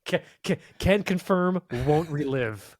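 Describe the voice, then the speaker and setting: A man's voice: fairly high pitch, expressive, takes it slowly, dry recording, studio quality. A man co-hosting a podcast, telling a story in casual chat, swearing a lot and restarting his sentences often. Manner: profane, rambling storytelling with many restarts. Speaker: podcast co-host. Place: podcast studio.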